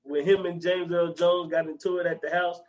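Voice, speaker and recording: An animated young man, recounting favorite comedy scenes in casual, profane chat. His voice sits a bit high for a man, and he keeps jumping into loud, squeaky impressions of the characters. He sounds like a podcast co-host riffing with a friend. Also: brisk, low-quality recording.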